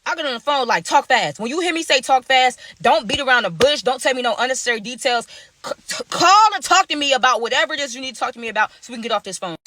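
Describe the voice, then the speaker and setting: A woman's voice: high-pitched, lively intonation, quick pace, sharp tone, no room sound. A young woman casually telling a story to her viewers in a chatty, slangy way, speaking to them directly.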